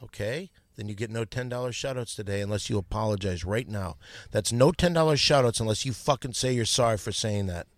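A man's voice: fairly low pitch, brisk, dry recording. A man hosting a podcast, scolding a co-host and reading ad copy, swearing freely. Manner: scolding, profane, reading ads. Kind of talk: heated podcast argument.

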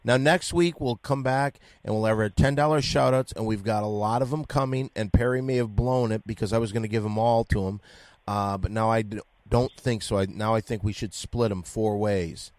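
A man's voice: on the low side, fairly even intonation, moderate pace, darkish tone, no echo. Rambling man hosting a comedy podcast. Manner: loose, rambling, jokey. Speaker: podcast host. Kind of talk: casual comedy podcast banter.

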